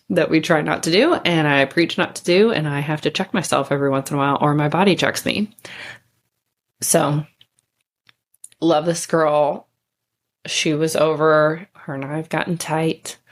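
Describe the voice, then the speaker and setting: A woman podcast host telling a story in a candid, chatty way, with casual swearing and bursts of speed. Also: sits low.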